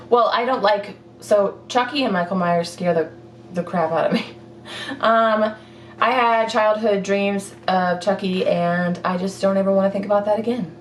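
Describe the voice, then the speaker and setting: A woman's voice: mid-range voice, slight background noise. Young woman, casual chat, rambling, giggly, roomy echo, mic a few feet away. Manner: chatty, rambling, giggly, lots of fillers. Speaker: fitness vlogger. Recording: echoey room, mic at a distance.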